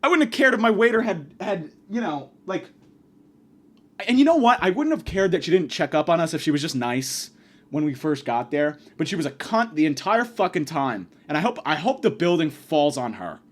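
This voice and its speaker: A man delivering a profane comedic rant, abrasive and insulting, swinging from yelling to muttering. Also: fairly high pitch, big pitch swings, moderate pace. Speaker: comedic ranter.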